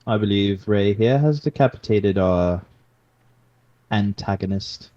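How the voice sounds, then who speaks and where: A man's voice: lowish voice, measured pace, warm tone, highs cut off. A man playing a tabletop game, talking casually and laughing often. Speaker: player.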